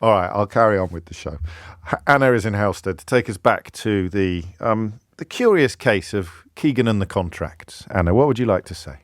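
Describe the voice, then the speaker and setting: Wry, low-voiced man hosting talk radio. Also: expressive, normal speed, no echo, clean studio sound. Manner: wry, self-mocking, banters with callers. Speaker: radio phone-in host. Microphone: studio microphone.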